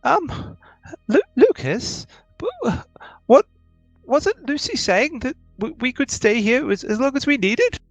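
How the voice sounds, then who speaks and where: A man's voice: very high voice, very animated, slow, no echo, faint music behind, pitched above the performer's own voice, full character voice. A man voicing an uncertain young woman tenant in a tabletop game, hesitant and questioning.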